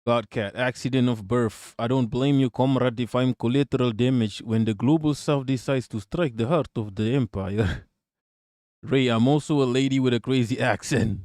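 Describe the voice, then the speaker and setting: A man's voice: mid-range voice, moderate pace, darkish tone, no echo, studio quality. Blunt, profane man streaming live. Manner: profane, blunt, talks back to chat with frequent laughs and repeats. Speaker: streamer reacting to news and reading chat. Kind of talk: casual live-stream commentary.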